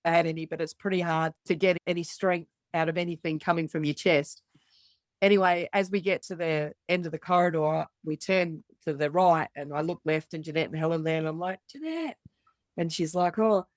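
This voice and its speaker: Middle-aged aussie woman, lowish voice, dry close sound, blunt storyteller who swears and does everyone's voices. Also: steady tone, fairly quick, no room sound. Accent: Australian. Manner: blunt, swears freely, acts out the voices of others. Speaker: podcast guest. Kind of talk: candid storytelling.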